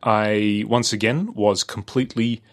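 Podcast co-host, Australian male, low-ish voice, loose and hesitant chat. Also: steady tone, unhurried. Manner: rambling, hesitant, with frequent fillers and restarts. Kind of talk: casual chat.

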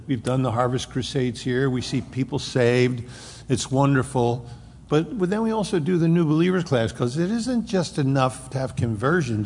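A male pastor teaching scripture line by line in a steady, explanatory sermon. His voice is gravelly with a touch of fry. It rings with a long reverb in a church sanctuary over a faint hum. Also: mid-range voice. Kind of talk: expository sermon. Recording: reverberant hall with faint noise.

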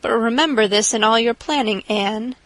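A stern, practical older woman with a brisk, clipped and scolding way of talking, as a woman reads her. The voice is fairly high and dry, close to the mic. It comes from an audiobook. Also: fairly bright tone, no room sound, natural voice, low-quality recording. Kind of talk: audiobook character reading.

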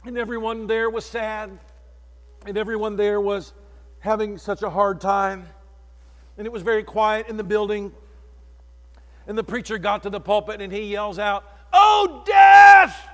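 A male preacher delivering an impassioned sermon that swings from hushed tones to shouted lines. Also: high-pitched, level tone, moderate pace, pauses often. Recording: long reverb in a large hall.

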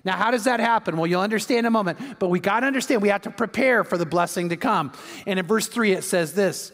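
A man's voice: high-pitched, quick pace. An older man preaching as a pastor, telling family stories and then pressing his point in a sermon. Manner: warm anecdotal storytelling, then emphatic preaching. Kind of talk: sermon with storytelling. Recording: long reverb of a large hall.

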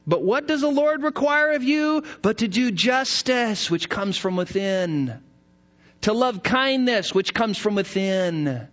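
High, animated male preacher. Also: takes it slowly. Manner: animated, dramatic preaching with rising emphasis. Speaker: pastor. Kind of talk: sermon. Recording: dull lo-fi recording.

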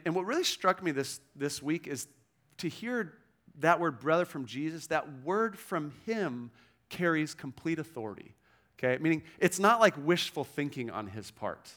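A man with a slightly higher voice than most, preaching in a relaxed, conversational way. He keeps checking in with his listeners and leans into the scripture he quotes. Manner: conversational preaching, frequent "okay?" check-ins, quoting scripture with emphasis. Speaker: pastor. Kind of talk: sermon.

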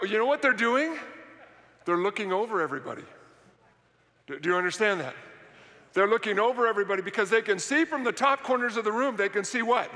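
A man preaches with a high, bright voice, pressing his points through repetition and questions to the crowd. The sound carries a long reverb from a large church hall. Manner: emphatic, repetitive, asks the audience questions. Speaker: pastor. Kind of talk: sermon. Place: church worship center.

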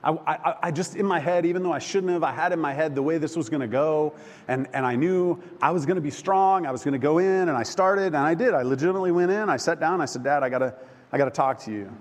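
Halting, emotional male preacher in a hall. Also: a little high. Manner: emotional, halting storyteller with many restarts. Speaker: pastor. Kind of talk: sermon with personal storytelling. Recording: long hall reverb, faint background noise.

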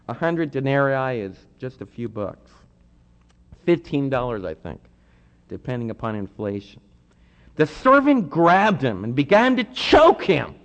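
A man preaching a sermon, animated, swinging between hushed asides and loud pleading. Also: fairly high pitch. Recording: dull lo-fi recording in a large hall.

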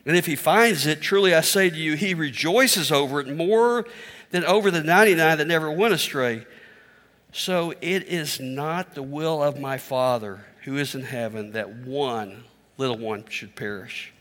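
A man's voice: a little high, moderate pace, fairly bright tone, big-room sound. A middle-aged male pastor preaching a sermon in a candid, self-deprecating, conversational way.

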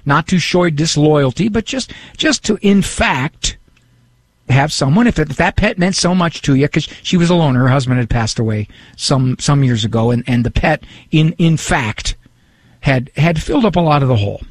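A male talk show host speaks from a dry studio in a gravelly, slightly husky voice. His delivery is animated and lively, with self-deprecating asides as he reads listener emails aloud. His pitch sits a little above the usual for a man. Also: moderate pace, no echo. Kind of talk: casual radio talk. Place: radio studio.

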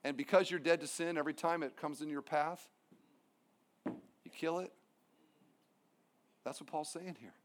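A man's voice: fairly high pitch, a little slow, long pauses. A male pastor preaching a sermon, emphatic, with humorous asides.

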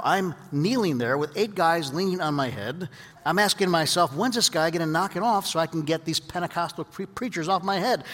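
Reverberant preacher man, high-pitched. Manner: lively storyteller, drops to quiet earnest teaching. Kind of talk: sermon with storytelling. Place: large hall with audience. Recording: long hall reverb.

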